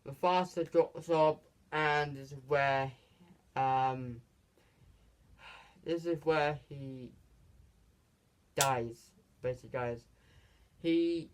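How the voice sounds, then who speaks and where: This is a casual movie reviewer who walks through the plot in a rambling, halting way. They stumble, restart lines and keep coming back to the same filler phrases. The pitch sits in an ordinary middle range. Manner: rambling plot retelling, repeats "basically" and "this is where".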